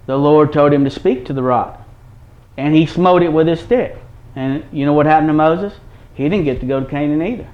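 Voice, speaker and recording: A man preaching a sermon, reading scripture in old wording and explaining it in plain, folksy talk straight to his listeners. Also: a little high. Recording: dull lo-fi recording.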